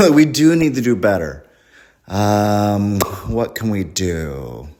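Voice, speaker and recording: A man's voice: lowish voice, sing-song, takes it slowly, a little mellow. A man performing a rambling, crude, self-deprecating stand-up comedy set at a live show.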